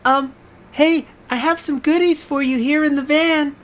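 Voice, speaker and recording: A man's voice: steady tone, measured pace, a bit bright. A man putting on the voice of a sweet-talking little girl who lures a grown man into a van, for a joke during a gameplay stream. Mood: coaxing. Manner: high, coaxing, wheedling. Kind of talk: comic impression in a gameplay stream.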